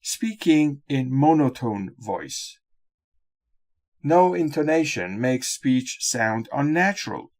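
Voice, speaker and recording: A man narrating a scripted lesson on exam speaking skills in a measured, instructional way. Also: medium pitch, expressive, a little mellow. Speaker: exam-prep teacher.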